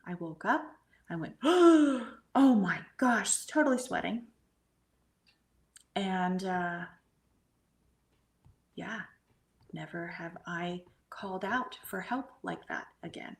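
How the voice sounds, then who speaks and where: A middle-aged woman talks through a personal spiritual experience with earnest conviction. Her voice sits a little low for a woman, and she often drops to a hushed, near-whispered delivery. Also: creaky. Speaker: guest medium and energy healer. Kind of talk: conversational storytelling.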